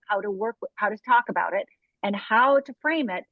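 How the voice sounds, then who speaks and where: A woman's voice: mid-range voice, a little fast, no echo. A woman coach in an interview, talking emphatically and acting out anxious inner voices, often asking "right?". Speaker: fear coach guest. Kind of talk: interview conversation. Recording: dull lo-fi call audio.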